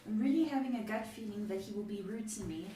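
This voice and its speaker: A woman's voice: medium pitch, quick pace, mellow, heavy reverb, recorded from a distance, rough recording. A woman reading viewers' questions aloud on a live advice show, with small hesitations.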